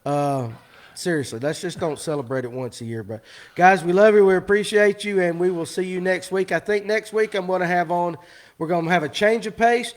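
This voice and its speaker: A man's voice: high voice, a little fast. A man hosting a live fishing show, rambling and teasing his guests in casual chat.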